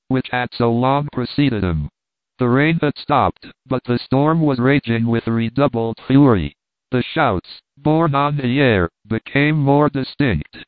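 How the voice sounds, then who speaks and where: Reading a classic adventure tale from a script, a male audiobook narrator tells the story in a calm, measured way. He has a mid-range voice with no echo, captured in a tinny, phone-like recording.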